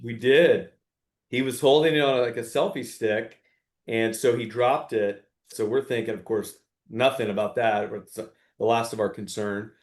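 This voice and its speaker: A middle-aged man, a father, telling a story in an interview with earnest warmth and acting out quoted dialogue. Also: medium pitch, fairly even intonation, measured pace. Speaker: guest, father.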